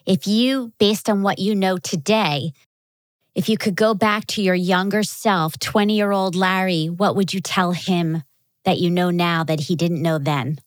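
A woman hosting an interview, asking questions in a measured, encouraging way. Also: fairly low pitch, steady tone, no echo. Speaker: host. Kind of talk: podcast interview.

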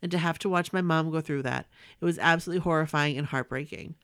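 A woman's voice: low-pitched, fast talker, clear, resonant tone, no echo, studio quality. A woman in her forties reading a personal story aloud in an earnest, emotional way. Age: 40s.

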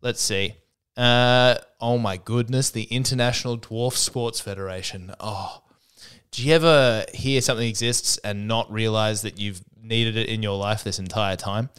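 A man's voice: on the low side, steady tone, moderate pace, a bit bright, clean tone. A man hosting a solo podcast, rambling with wry asides and frequent restarts. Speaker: podcast host. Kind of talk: solo comedic podcast monologue.

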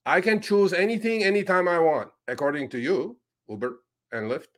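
A man's voice: sits high, moderate pace, a bit bright. A man who drives rideshare, co-hosting a casual talk show and ranting sarcastically about his work, with frequent fillers and restarts. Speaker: rideshare driver and podcast co-host. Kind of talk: animated casual chat.

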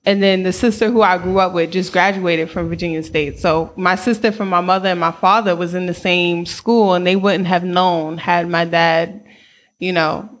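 A woman's voice: on the low side, steady tone, moderate pace. Candid New York woman, slangy and laughing. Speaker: guest. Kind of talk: casual interview storytelling.

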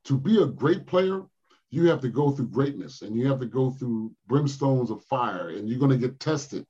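An older man from Philadelphia, a former pro basketball player, telling animated stories in an interview. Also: medium pitch, slightly rough, highs cut off. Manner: animated storyteller, acts out quotes with laughs. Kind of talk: storytelling interview.

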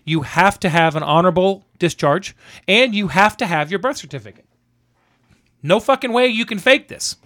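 Animated swearing storyteller man. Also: high-pitched, moderate pace, no room sound, studio quality. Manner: animated, swears freely, acts out both sides of a conversation. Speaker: veteran guest telling a story. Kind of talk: casual chat, storytelling.

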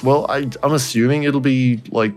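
A man's voice: medium pitch, fairly even intonation, moderate pace, a little mellow, soft background music. A young man, co-hosting a casual podcast chat, rambling, swearing freely and laughing often. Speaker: podcast co-host.

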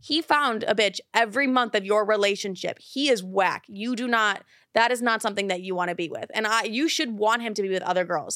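A woman's voice: medium pitch, brisk, hardly any pauses, a bit bright, dry recording, clean studio sound. A young woman hosting an advice show, giving blunt, profane, emphatic advice in a casual way. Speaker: advice podcast host.

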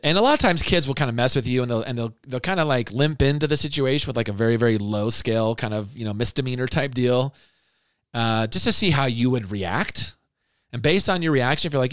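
Middle-aged male podcast host, average pitch, earnest and chatty, dry close mic. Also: lively intonation, brisk, dry recording. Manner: earnest, conversational, frequent restarts. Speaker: podcast host and parenting speaker. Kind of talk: casual podcast talk.

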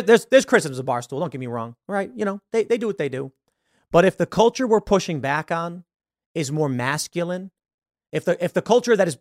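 Animated male podcast host, lively pitch. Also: no room sound, studio quality. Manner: animated, acts out quoted voices. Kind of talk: solo commentary.

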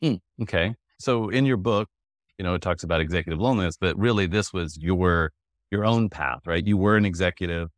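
A man in his fifties with a very low voice hosts a podcast conversation. He talks in a jovial, loose way, restarting sentences and laughing often, recorded close and dry. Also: brisk, no room sound. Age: 50s. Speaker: podcast host. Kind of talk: conversational interview.

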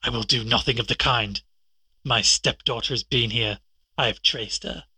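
A man voicing a huge, fierce old country doctor who snarls threats, in a husky, lowered voice. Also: moderate pace, bright, forceful tone, no room sound, exaggerated voice, poor audio. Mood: menacing. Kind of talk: audiobook character reading.

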